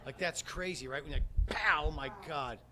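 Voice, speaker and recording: A man performing a profane stand-up comedy set in a comedy club, swinging between loud rants and quiet asides. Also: on the high side, normal speed, a crowd in the background.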